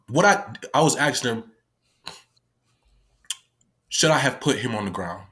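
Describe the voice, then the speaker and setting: A man's voice: mid-range voice, expressive, measured pace, long pauses, a bit bright. A man casually recounting a personal story, candid and emotional, swearing often and acting out what others said. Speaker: guest, former youth detention worker.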